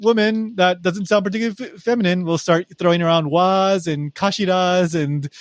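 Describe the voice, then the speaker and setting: A man co-hosting a podcast in relaxed casual chat, adding examples and qualifications, on a close mic. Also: high voice, brisk, no echo. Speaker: podcast co-host.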